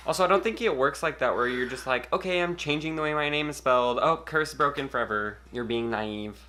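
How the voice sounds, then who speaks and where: A man's voice: a little high, brisk, sharp tone. A man co-hosting a casual book recap podcast, reacting with gasps and sassy remarks. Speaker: podcast co-host.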